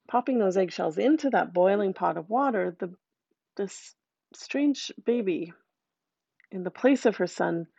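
A woman telling a folktale aloud in a lively, conversational way with asides to listeners. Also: mid-range voice, vocal fry, no room sound, dull audio. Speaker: storyteller.

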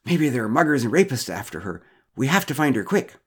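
A man's voice: mid-range voice, sing-song, brisk, breathy edge, pitched above the performer's own voice. A man voicing a flustered middle-aged father who stammers and protests too much in a storybook reading.

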